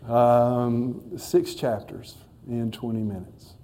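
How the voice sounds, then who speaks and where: A man's voice: mid-range voice, steady tone, takes it slowly, dark tone. A man teaching a casual Bible study lesson, talking to listeners in a conversational way with wry asides.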